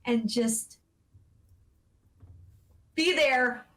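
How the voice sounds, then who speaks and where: A woman's voice: on the high side, drawn-out words, a bit bright. A woman guest in a casual video call chat, telling a story with giggles and acted-out reactions. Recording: roomy echo.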